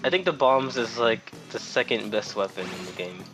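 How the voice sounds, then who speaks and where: A man's voice: on the low side, animated, normal speed, music in the background. A young man casually commenting on a game he is playing while telling a rambling story, swearing freely and sounding exasperated. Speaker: gameplay commentator. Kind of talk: casual let's-play storytelling.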